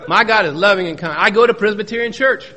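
A middle-aged man recounts his recovery at a meeting, telling it as folksy stories with joking asides and repeating key phrases for emphasis. He has a high, sharp voice and a quick pace.

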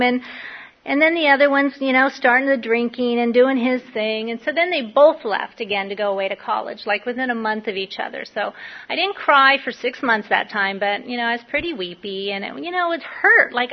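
Middle-aged woman, slightly high voice, sharing her recovery story in a loose, candid ramble; muffled lo-fi recording. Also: normal speed. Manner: candid, rambling, many fillers. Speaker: recovery meeting speaker. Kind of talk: personal testimony talk. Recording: dull lo-fi recording.

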